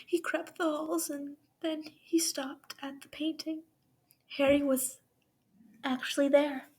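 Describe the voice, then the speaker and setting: A woman reading fanfiction aloud into a voice recorder, softly and often half whispered. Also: high voice, steady tone, slow pace. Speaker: fanfiction reader.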